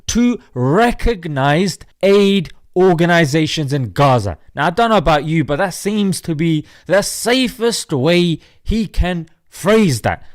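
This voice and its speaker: A man's voice: on the high side, dry recording, clean studio sound. A man hosting an informal news commentary, talking in a casual, sarcastic way. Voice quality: informal, sarcastic, peppered with "mate". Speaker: host.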